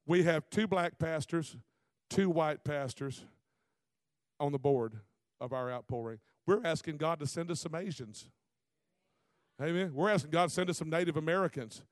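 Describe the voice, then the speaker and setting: A middle-aged man, preaching a sermon in a folksy, animated way full of rhetorical questions. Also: a little high, normal speed, pauses often, dry recording. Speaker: visiting preacher.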